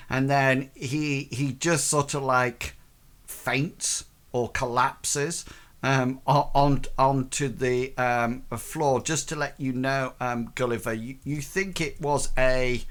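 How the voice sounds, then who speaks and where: A man running a tabletop game as game master, narrating in a halting way full of ums and restarts, now and then shouting out lines for crowd members. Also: mid-range voice.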